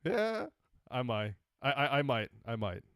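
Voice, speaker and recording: A man co-hosting a casual podcast who talks in a joking, animated way. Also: medium pitch, unhurried, smooth, no room sound, studio quality. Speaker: podcast co-host.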